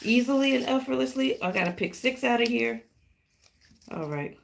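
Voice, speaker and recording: A woman hosting a live tarot reading, talking warmly and directly to her viewers with pet names and playful exclamations. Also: on the high side, normal speed, gravelly. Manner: affectionate, animated, talks directly to viewers. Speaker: tarot reader.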